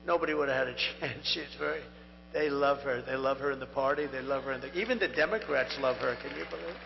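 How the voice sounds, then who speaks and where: An older man with a strained, hoarse voice gives a rambling, repetitive rally speech into a podium microphone at a large venue. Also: medium pitch, quick pace. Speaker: political candidate. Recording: echoey lo-fi venue sound with mains hum.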